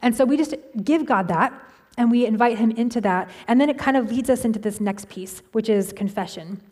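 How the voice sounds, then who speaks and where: A woman's voice: fairly high pitch, fairly quick, darkish tone, long reverb tail. A woman pastor giving a conversational sermon, often restarting her sentences and using fillers.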